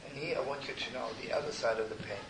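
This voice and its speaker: An older man, a rabbi, telling stories in a sermon with an intimate, repetitive manner, often sinking to a hushed near-whisper. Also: medium pitch, rapid-fire. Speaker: rabbi and teacher. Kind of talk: storytelling sermon to a live gathering. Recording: roomy distant live recording with noise.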